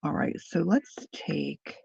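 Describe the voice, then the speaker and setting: Slow, gravelly-voiced woman crafter chatting. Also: low-pitched, expressive, dark tone, no room sound, lo-fi sound. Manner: chatty, thinks aloud, answers viewer comments. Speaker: craft livestream host. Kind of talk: casual live crafting demo.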